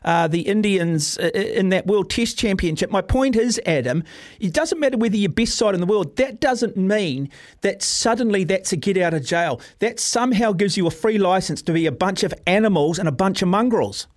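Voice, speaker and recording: Combative high-voiced New radio host. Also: male voice, lively intonation, normal speed. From New Zealand. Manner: combative, repeats caller's name, sarcastic jabs. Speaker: radio talk show host. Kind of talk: heated talkback argument.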